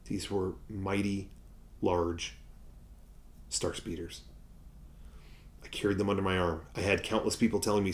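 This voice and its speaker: A man spins a collecting story like an epic tale. He swells loud, then drops to near-whispers for effect. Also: low voice, little pitch movement, moderate pace, long pauses. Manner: dramatic, swings between loud and hushed. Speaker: toy collector vlogger. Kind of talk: mock-epic storytelling to camera.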